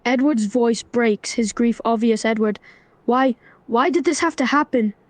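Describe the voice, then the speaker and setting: A text-to-speech woman's voice, narrating a melodramatic role-play story and speaking its lines in an even, scripted way. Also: on the high side, measured pace, no echo. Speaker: AI chatbot narrator.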